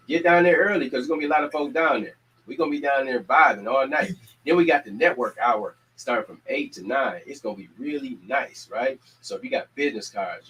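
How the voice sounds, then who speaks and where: An energetic man, a community organizer and show host, rallies his community with casual announcements. His mid-range voice comes through a rough recording as he uses preacher-like repetition and lively calls to action.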